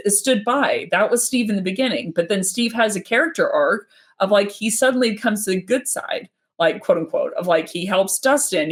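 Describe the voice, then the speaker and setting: A woman chats as a guest on a casual livestream. She talks in a quick, rambling way and often backs up to restart a sentence. Her voice sits in a middle pitch. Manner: fast, rambling, with many restarts. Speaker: guest speaker.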